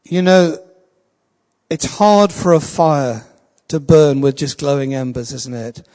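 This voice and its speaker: A man preaching a sermon in an earnest, slow and emphatic way, reading a testimony aloud. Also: fairly high pitch, darkish tone. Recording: long reverb of a large hall.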